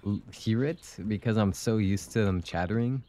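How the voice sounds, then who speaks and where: A man's voice: on the low side, moderate pace, warm tone. A man streaming a game from home, chatting and giggling as he reacts to what happens on screen. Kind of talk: live gameplay commentary. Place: home with pet birds chattering.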